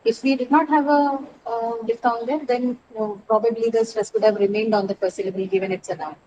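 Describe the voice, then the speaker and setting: A woman teaches an English lesson, working through word stress patiently and spelling out suffixes letter by letter. She keeps turning to her students with questions. There is a clear layer of noise behind her voice. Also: a little high, fairly even intonation, brisk.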